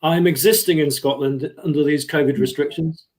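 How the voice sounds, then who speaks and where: An English man with a slightly high voice, a guest comedian on a video call. He speaks with dry, wry humor. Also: fairly even intonation, moderate pace, a little mellow. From England. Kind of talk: casual chat and pun telling.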